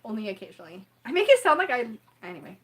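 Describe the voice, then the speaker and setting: Rambling woman live-streaming, fairly high voice. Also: sing-song, racing, fairly bright tone. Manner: rambling and apologetic, keeps clearing her throat; chats with viewers in the live chat. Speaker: tarot reader hosting a live stream. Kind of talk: casual live-stream chat.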